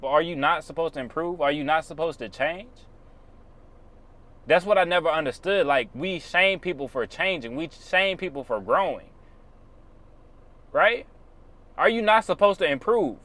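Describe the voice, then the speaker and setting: A man's voice: a little high, expressive, moderate pace, long pauses, fairly bright tone. A man on his own channel giving blunt, preachy motivational advice in casual, slangy speech. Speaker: YouTuber.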